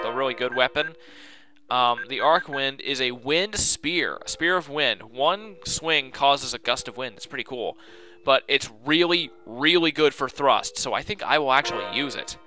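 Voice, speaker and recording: A man giving casual, chatty commentary while he plays a game, excitable and talking to himself. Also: mid-range voice. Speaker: let's play host. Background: game music.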